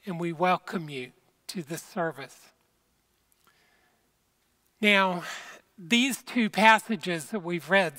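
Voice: mid-range voice, fairly bright tone. A pastor giving an earnest, conversational sermon from a church sanctuary and speaking directly to the people watching.

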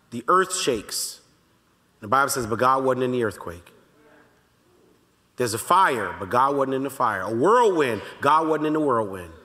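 A pastor teaching a Bible study in a relaxed, conversational way, talking straight to the congregation and slowly repeating his key lines. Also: on the high side. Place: church sanctuary. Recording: long reverb of a large church hall.

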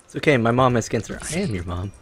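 Animated man doing casual gaming commentary. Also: mid-range voice, quick pace, a little hiss or hum. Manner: rambling, swears freely, jokey. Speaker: gaming channel host.

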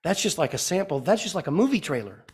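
A man preaching a sermon as pastor. He asks the congregation questions and swings from loud, urgent emphasis to a hushed softness. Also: high voice, big pitch swings, fast talker, husky.

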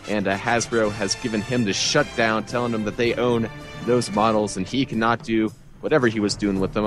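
A man's voice: mid-range voice, a bit bright. A man hosting a radio show, reading weather and news with easygoing, chatty host patter. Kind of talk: casual radio chat and news.

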